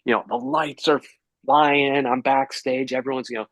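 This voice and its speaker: A man who hosts game shows, a guest telling a story with lively energy. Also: medium pitch, moderate pace, dry recording. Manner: lively, acts out quotes in raised voice. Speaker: game show host, guest. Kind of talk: animated storytelling.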